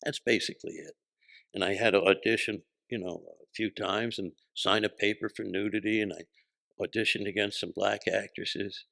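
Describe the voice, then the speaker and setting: A man, a podcast guest telling stories in animated casual chat, acting out the voices he quotes. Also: fairly low pitch, moderate pace, vocal fry. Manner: animated, acts out quoted voices, laughs often.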